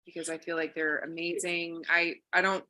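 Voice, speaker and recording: A woman's voice: fairly low pitch, little pitch movement, normal speed, pushed and bright. A woman guest reading a spiritual card story aloud and chatting in an earnest, reflective way.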